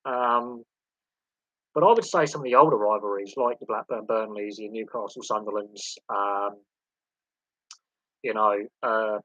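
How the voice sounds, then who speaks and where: A man chats casually on a sports livestream, opinionated and quick to jump between examples. His voice is bright and forceful. The sound is close and dry, with a slightly dull, lo-fi tone. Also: medium pitch, dry recording. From England.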